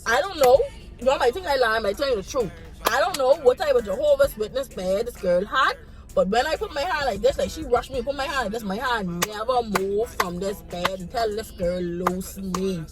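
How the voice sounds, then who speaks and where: A woman's voice: fairly high pitch, fairly quick, over music. A young woman from the Bahamas with a Bahamian accent, frankly telling a casual storytime and acting out her own reactions. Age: young adult. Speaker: vlogger.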